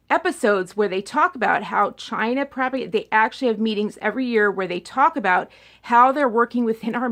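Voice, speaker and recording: A young adult woman vlogger talking politics in a rambling, animated monologue that often repeats words. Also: a little high. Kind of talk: casual opinion monologue.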